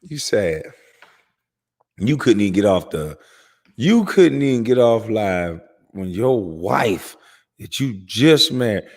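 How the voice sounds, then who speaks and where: A man's voice: fairly low pitch, a little mellow, husky, big-room sound. A man giving heated reaction commentary, profane and mocking as he rants at someone. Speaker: host reacting to a clip.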